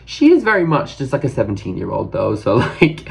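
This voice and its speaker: A British man in his late twenties telling a story in a casual vlog, excitable and gushing, with lots of "like" fillers. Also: a little high, moderate pace, gravelly, hardly any pauses. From Britain. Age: 20s. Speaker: vlogger.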